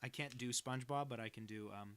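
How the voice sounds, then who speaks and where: A man's voice: mid-range voice, fast talker, a bit bright, clean tone. A young adult man chatting casually and rambling, self-deprecating, while he draws on a stream. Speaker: cartoonist streaming. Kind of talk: casual chat while drawing.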